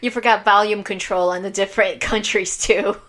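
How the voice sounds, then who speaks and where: A woman's voice: medium pitch, brisk. A woman from Chicago co-hosting a casual chat, telling stories with lots of laughter. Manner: animated storyteller, laughs often. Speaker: podcast co-host.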